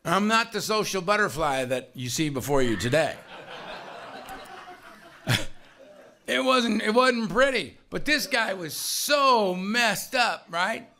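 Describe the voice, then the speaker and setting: A man's voice: high voice, very animated, slow pace, pauses often, sharp tone. A middle-aged man telling his own recovery story at a meeting, with wry, self-mocking humor and grumbling asides.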